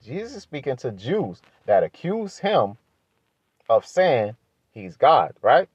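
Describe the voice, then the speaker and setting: A man teaching from the Bible in a preaching style, asking rhetorical questions and building to emphatic high-pitched points. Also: big pitch swings, slow pace, a little mellow, husky, no room sound, dull audio. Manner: emphatic, rises sharply in pitch when pressing a point; asks rhetorical questions, adds "right?".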